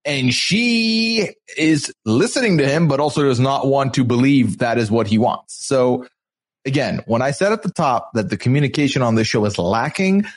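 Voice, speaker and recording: Animated man hosting a recap chat. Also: mid-range voice, normal speed. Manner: animated storyteller, acts out quotes. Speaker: podcast host.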